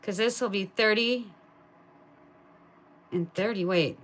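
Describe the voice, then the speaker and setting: A woman chatting casually on a live stream, thinking aloud and talking to her viewers, turning loud and excited at a win and cooing to her pet. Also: medium pitch, slow, a little hiss or hum. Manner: gets excited and loud at wins. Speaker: live streamer scratching lottery tickets.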